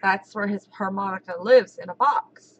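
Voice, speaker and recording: A woman in her thirties hosting a casual live chat, giddy, giggly and excitable. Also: medium pitch, moderate pace, poor audio. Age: 30s. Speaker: livestream host.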